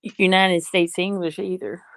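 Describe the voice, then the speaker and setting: A woman's voice: lowish voice, fairly even intonation, a little slow, dry recording. A woman co-hosting a casual crafting chat, reading comments aloud with dry, plainspoken asides.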